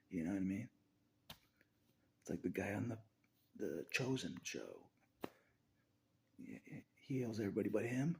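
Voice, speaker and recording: A man talking straight to the camera in a rambling casual monologue, often laughing and ranting out loud at God. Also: fairly low pitch, very animated, normal speed, creaky, long pauses, breathy edge. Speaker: vlogger.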